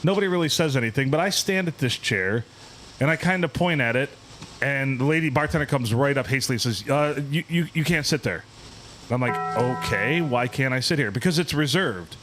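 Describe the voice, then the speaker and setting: A man tells a story on a podcast in a loose, profane, ranting way. He talks at a middling pitch and keeps the anecdote animated. Faint background noise sits under his voice. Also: fairly quick. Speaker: podcast host.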